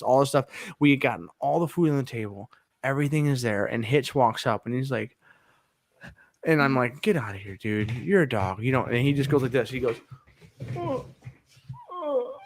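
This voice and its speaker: Male podcast co-host, 30s, rambling anecdote teller, laughs a lot, mid pitch, dry close sound. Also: dry recording. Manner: rambling storytelling, laughs often. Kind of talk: casual chat.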